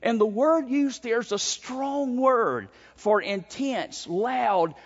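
A man preaching through a Bible passage, his voice sitting high for a man. He presses his points with emphasis and keeps restarting phrases. The sound is a little dull and rings with a long echo, as in a church sanctuary. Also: animated, slow pace. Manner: emphatic, frequent repeated starts. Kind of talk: expository sermon.

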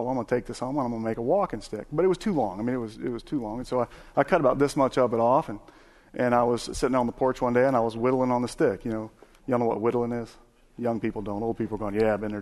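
Folksy preacher man. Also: mid-range voice. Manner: folksy, animated storytelling with many fillers and restarts. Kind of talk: sermon.

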